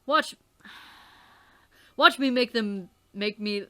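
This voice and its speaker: A woman voicing a cool, deadpan teenage boy who talks low and flat. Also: takes it slowly, a little hiss or hum.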